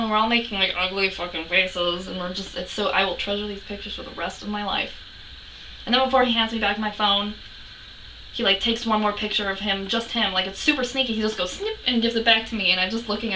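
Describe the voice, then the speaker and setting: Gushing young woman vlogger, bright voice. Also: fairly high pitch, fairly quick, recorded from a distance, a little hiss or hum, low-quality recording. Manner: gushing, breathless, many restarts and swearing. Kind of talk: casual convention recap vlog.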